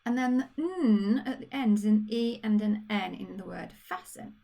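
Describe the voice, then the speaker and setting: A woman with a Birmingham accent, a primary school teacher recording a phonics lesson for young children, patient and encouraging, spelling out sounds slowly. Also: medium pitch, vocal fry, mellow. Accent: Birmingham (Brummie).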